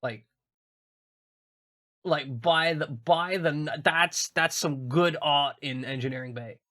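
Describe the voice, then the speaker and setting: A man's voice: a little high, slow, sharp tone. A man streaming a game in casual chat, joking and swearing and often repeating his words as he talks.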